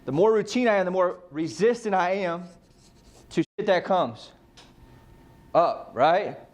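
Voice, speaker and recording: Fairly high-voiced man coaching a team. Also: animated, a little slow. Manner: casual, fires rhetorical questions, swears freely. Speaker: real estate team coach. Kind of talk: motivational team meeting talk.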